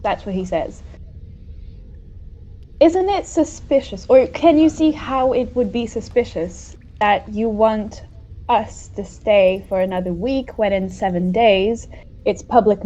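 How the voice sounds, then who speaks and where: A woman's voice: mid-range voice, expressive, a little slow, warm tone. A woman player speaking in character, asking probing, skeptical questions. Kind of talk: in-character tabletop dialogue. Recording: dull lo-fi audio.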